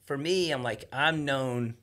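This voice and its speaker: A man's voice: mid-range voice, measured pace, sharp tone. A man on a podcast, talking casually as a guest, swearing freely and acting out quotes as he tells his stories. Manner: loose storyteller, swears freely, acts out quotes. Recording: podcast studio.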